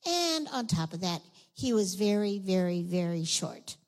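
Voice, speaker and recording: Animated woman telling a children's Bible story. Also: medium pitch, unhurried, low-quality recording. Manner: animated, asks the children questions. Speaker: children's sermon leader.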